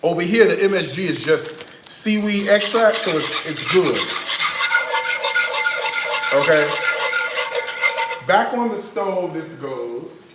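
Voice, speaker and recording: A man hosts a live cooking stream, talking straight to his viewers in a casual, disbelieving way. His slightly high voice swings up and down a lot. The sound bounces around a roomy home kitchen, with a faint hiss behind it. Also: slow, pauses often. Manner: animated, incredulous, talks to viewers as y'all. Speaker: cooking livestream host. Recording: roomy kitchen echo, faint background noise.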